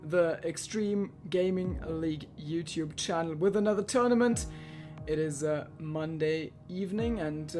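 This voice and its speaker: Chatty male esports host over clear music. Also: a little high, darkish tone. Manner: chatty, jokey, running the show. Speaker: host commentator. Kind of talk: live racing esports commentary.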